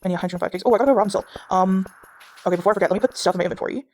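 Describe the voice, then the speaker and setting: Rapid rambling South African young woman. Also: medium pitch, a little mellow, slight background noise. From Durban, South Africa. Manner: rambling, many restarts and fillers. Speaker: gaming vlogger. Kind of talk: casual chat over gameplay. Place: home, with her dog beside her.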